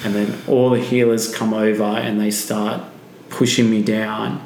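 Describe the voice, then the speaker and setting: Flat low-voiced man telling a wild story. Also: measured pace, slight background noise. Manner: vivid, swearing, acts out quotes. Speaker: podcast guest. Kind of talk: emotional personal storytelling. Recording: echoey room.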